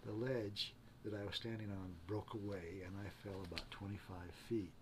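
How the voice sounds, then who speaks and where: Earnest low-voiced man telling a story. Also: fairly even intonation, a little hiss or hum. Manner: halting, often repeats and restarts words. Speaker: interview guest. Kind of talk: casual spoken storytelling.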